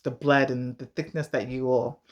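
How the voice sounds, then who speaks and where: A woman's voice: very deep voice, normal speed, lo-fi sound. An American woman giving advice in a casual vlog, telling stories in an emphatic, direct way and acting out the voices of the people she quotes. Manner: animated storyteller, acts out quoted voices.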